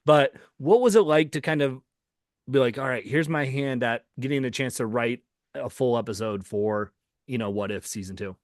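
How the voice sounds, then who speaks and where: A man's voice: medium pitch, normal speed, no room sound, clean studio sound. A man hosting a casual interview, asking questions in a friendly, hesitant way full of fillers. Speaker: comic show host, interviewer.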